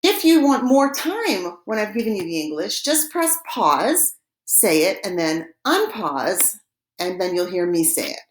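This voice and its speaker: Woman teacher with a lively, echoey voice. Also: medium pitch, a little hiss or hum. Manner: patient, repeats each word slowly for practice. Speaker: French teacher. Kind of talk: recorded vocabulary lesson.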